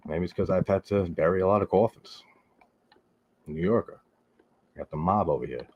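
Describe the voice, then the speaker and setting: A man's voice: deep voice, lively intonation, brisk, pauses often, breathy edge, highs cut off. A man from Long Island, hosting a live horror movie stream and chatting casually with viewers. He rambles, drops "like" constantly and swears freely. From Long Island, New York.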